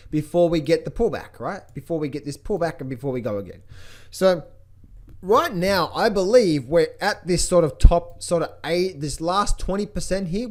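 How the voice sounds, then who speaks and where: A man giving a casual trading market update, excitable and jokey, often repeating his phrases. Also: high voice. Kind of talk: animated casual market commentary.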